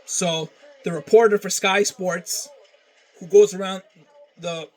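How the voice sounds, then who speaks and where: A man's voice: high-pitched, fairly even intonation, takes it slowly, low-quality recording. A man ranting casually to camera, often stammering and repeating words, with plenty of swearing. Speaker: vlogger.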